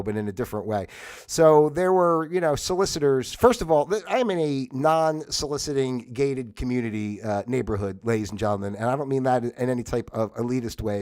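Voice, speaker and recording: A man's voice: medium pitch, darkish tone. A middle-aged man from New Jersey hosting a livestream, telling a rambling story with lots of fillers and some mild swearing. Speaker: livestream host. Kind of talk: casual livestream monologue.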